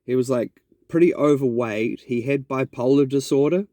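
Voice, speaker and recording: In a casual podcast monologue, a man with a New Zealand accent tells a rambling, reflective story with many restarts. He speaks at normal speed in a warm, medium-pitched voice, and there's no room sound.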